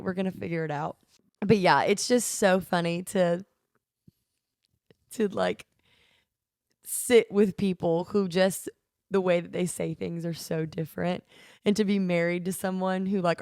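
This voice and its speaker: A woman's voice: fairly low pitch, steady tone, a little slow, a little mellow, no room sound, clean studio sound. Chatty Southern woman co-host. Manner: chatty, laughs often, lots of fillers. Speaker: podcast co-host. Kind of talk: casual chat. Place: home. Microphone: phone.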